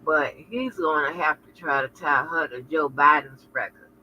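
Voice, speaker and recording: A woman's voice: sits low, normal speed, sharp tone, slightly rough. Frank, profane woman vlogger, lo-fi. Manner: frank, profane, chatty storytelling. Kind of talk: casual chat to viewers. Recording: lo-fi with faint noise.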